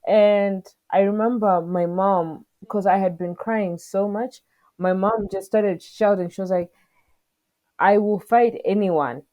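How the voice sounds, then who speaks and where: A woman's voice: medium pitch, fairly even intonation, a little slow, highs cut off. A young woman and podcast co-host recounting a personal story in an earnest, emotional way, voicing the back-and-forth she had with staff. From southern Africa. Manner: emotional, earnest retelling with quoted exchanges.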